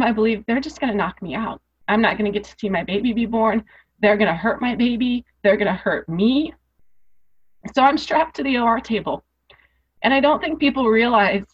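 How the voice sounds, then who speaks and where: A woman's voice: fairly high pitch, breathy edge. Emotional woman, muffled lo-fi podcast sound. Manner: earnest, repeats phrases for emphasis; emotional, rising intensity. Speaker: podcast guest. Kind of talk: personal storytelling in an interview. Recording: dull lo-fi podcast audio.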